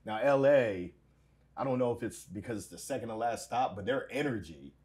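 A man's voice: mid-range voice, expressive, normal speed, a little mellow. A man co-hosting a casual chat, speaking in an upbeat, joking way. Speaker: podcast co-host.

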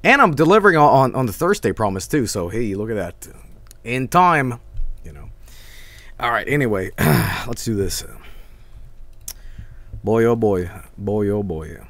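A man's voice: medium pitch, very animated, moderate pace, a bit bright, no echo. A tired man streaming a game, rambling casually and reading game text aloud. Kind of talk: casual gameplay commentary. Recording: game music underneath.

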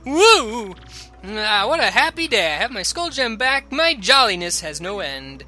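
A man's voice: high voice, sing-song, a little slow, pushed and bright, faint music behind, full character voice. A man voicing a pompous, vain male nobleman in a game, speaking in a grand, theatrical way. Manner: grand, theatrical and self-important.

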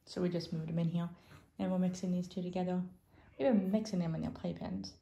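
Chatty low-voiced woman cat breeder. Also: little pitch movement, brisk, creaky, warm tone, highs cut off. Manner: chatty, cooing, trails off and forgets names. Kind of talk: casual vlog chat. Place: indoor room at home cattery. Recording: roomy echo, faint noise.

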